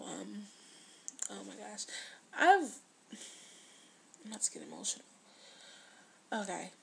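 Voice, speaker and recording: Earnest woman vlogger with vocal fry. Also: mid-range voice, slight background noise. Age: 20s. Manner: earnest, heartfelt, drops to a hush at times. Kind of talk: confessional video diary.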